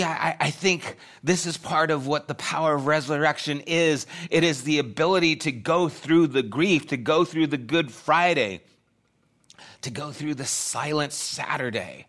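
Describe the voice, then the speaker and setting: An earnest middle-aged male pastor delivers a sermon in a slightly high, unhurried, somewhat bright voice. His preaching is conversational and he repeats phrases.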